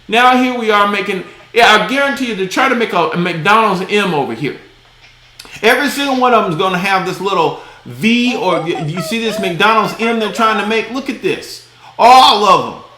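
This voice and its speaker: Excitable guy going off about crypto charts, high bright voice, echoey room. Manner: emphatic, exasperated, folksy, cusses. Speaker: crypto channel host. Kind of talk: casual market commentary.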